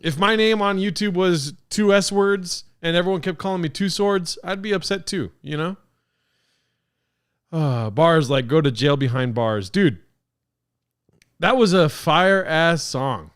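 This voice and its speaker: A young man hosting a podcast, reacting to fan-made songs with excitable, profane joking. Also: on the high side, measured pace, clear, resonant tone. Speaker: podcast host.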